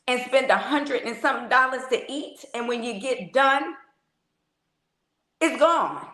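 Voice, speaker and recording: A woman's voice: a little high, fairly bright tone. A woman selling products, talking in an emphatic, persuasive way in a casual group chat. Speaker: product seller. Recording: echoey room.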